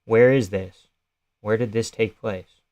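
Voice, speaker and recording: A man's voice: on the low side, steady tone, slow pace, a little mellow. A young man on a casual live stream, chatting loosely and swearing while he reacts to fights and answers his chat.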